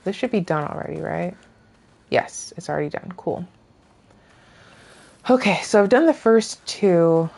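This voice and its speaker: A woman streamer chatting casually over her gameplay, rambling and often trailing off into soft murmurs. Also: on the low side, lively intonation, a little slow, creaky, long pauses. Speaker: gaming streamer.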